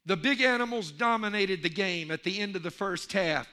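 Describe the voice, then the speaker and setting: A man preaching a sermon as pastor, telling jokes with animated energy and calling out for amens. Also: high-pitched, normal speed. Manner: animated storyteller, calls for amen.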